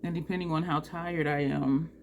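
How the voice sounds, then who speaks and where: Woman, beauty vlogger, casual makeup chat, low-pitched, faint room hum. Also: moderate pace. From New Jersey. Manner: chatty and animated, laughs often.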